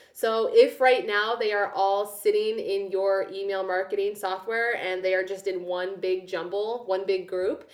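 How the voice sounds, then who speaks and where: A woman hosting her own podcast, giving upbeat, chatty business advice. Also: mid-range voice. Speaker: podcast host. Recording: roomy echo.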